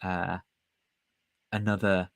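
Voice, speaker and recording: A man's voice: low voice, level tone, takes it slowly, vocal fry. A man hosting a casual review of a recorded discussion, rambling and chatty as he comments. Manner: rambling, chatty, laughs at himself.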